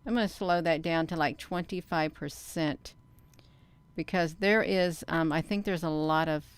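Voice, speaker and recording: Smooth, low-voiced woman rambling to viewers. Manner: rambling and halting, with many fillers and restarts; talks straight to viewers as "you all". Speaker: vlogger. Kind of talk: casual commentary while showing her own sky footage.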